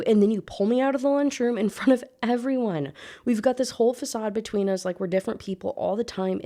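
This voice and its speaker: A woman reading aloud the part of a frustrated, tired teenage girl telling her own story, in her own low voice. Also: mellow. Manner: reading first-person prose aloud, exasperated.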